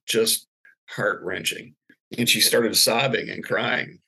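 A man as a podcast guest, telling a personal faith story in an earnest, animated way. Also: fairly low pitch, measured pace, slightly rough. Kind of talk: personal testimony in conversation.

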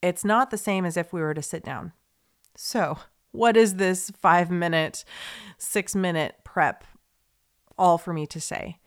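A woman's voice: fairly low pitch, measured pace, clean tone. Earnest young woman podcast host. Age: young adult. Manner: earnest, rambling, with many fillers and restarts; emotional, confiding. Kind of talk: heartfelt podcast monologue.

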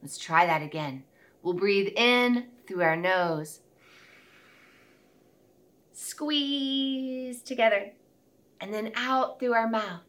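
A woman leading a children's circle time, gently speaking and singing nursery rhymes and songs. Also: fairly high pitch, takes it slowly, long pauses. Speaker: children's teacher.

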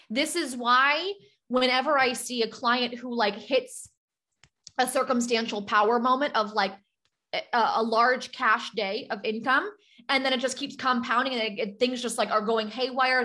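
A woman with a fairly high, slightly bright voice, a podcast host and business coach, leads a motivational coaching talk. She's emphatic, fires off rhetorical questions, and acts out doubting inner voices.

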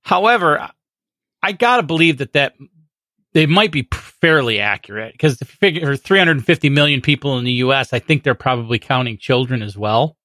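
A man co-hosting a casual tech podcast, measured and agreeable, often restarting his sentences. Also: medium pitch, bright, forceful tone, no room sound, clean studio sound. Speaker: podcast co-host.

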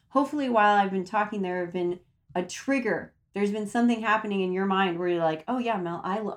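Chatty woman giving casual advice. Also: mid-range voice. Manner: chatty, repeats words for emphasis. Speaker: self-help speaker.

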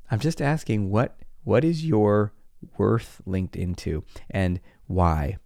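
A man's voice: lowish voice, takes it slowly, dry recording, clean studio sound. A middle-aged man, a psychologist, telling stories in a podcast monologue, acting out scenes and laughing often. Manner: animated storytelling, acts out scenes, laughs often.

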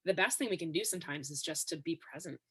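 A woman guest on a podcast interview, explaining ideas in a steady, instructive way. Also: low voice, fast, slightly rough. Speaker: expert guest.

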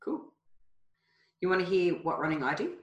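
A woman's voice: lowish voice, very animated, normal speed, reverberant, lo-fi sound. An Australian woman co-hosting a podcast, chatty and playful, often drawing out her words. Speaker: podcast co-host. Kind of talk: casual chat.

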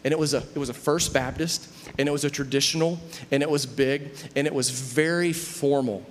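A middle-aged pastor delivers a conversational sermon in a steady, mid-range voice at a brisk pace, often pausing to ask "do you see?" to check that listeners follow. A long reverb tail and slight background noise color the sound.

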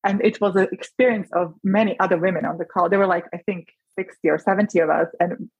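A woman's voice: fairly low pitch, steady tone, fast talker, a little mellow, breathy edge, dry recording, low-quality recording. A woman physician, a podcast guest, talking earnestly and with emotion, often restarting her sentences. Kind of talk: podcast interview.

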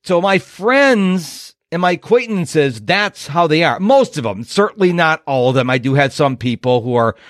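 A man's voice: a little high, expressive, normal speed, few pauses, no echo, clean studio sound. A man in his fifties hosting a motivational podcast, talking in an emphatic, punchy way and acting out other people's voices. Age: 50s. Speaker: productivity coach and podcast host.

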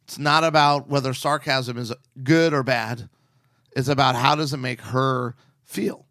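A middle-aged man co-hosting a talk podcast, telling stories in a sarcastic, animated way. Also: mid-range voice, measured pace, no room sound, clean studio sound. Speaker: podcast co-host. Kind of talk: casual chat.

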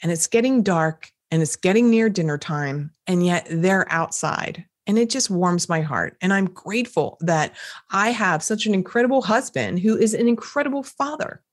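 Woman podcast host, middle-aged, lower-pitched, animated motivational coach recorded at home. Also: moderate pace. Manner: animated, coaching, talks to the listener directly. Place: indoors at home.

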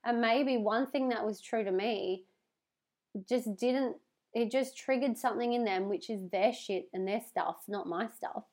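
A woman's voice: a little high, a little slow, a little mellow. A woman hosting a podcast, talking casually and earnestly to her listeners, heartfelt and swearing for emphasis. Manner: heartfelt, talks with hand on heart. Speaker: podcast host. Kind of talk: casual motivational monologue.

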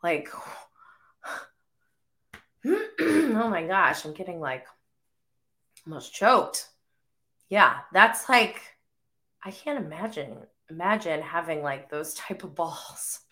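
Woman, 30s, podcast host, unhurried rambling chat, bright tone, flu cough. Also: on the low side, very animated. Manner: rambling, full of "like" fillers. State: getting over the flu, coughing. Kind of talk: casual chat.

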